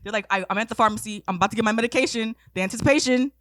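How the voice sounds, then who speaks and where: A woman in her twenties co-hosting a podcast, chiming in with quick agreement and jokes. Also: on the high side, fairly bright tone, dry recording, studio quality. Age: 20s. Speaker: podcast co-host. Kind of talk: casual chat.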